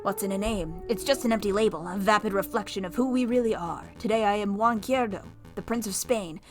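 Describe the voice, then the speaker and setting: A woman's voice: mid-range voice, fairly quick, over music, close to an everyday voice. A woman voicing a sly male fox thief in a visual novel, speaking in a theatrical, evasive manner. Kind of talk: reading a visual novel aloud.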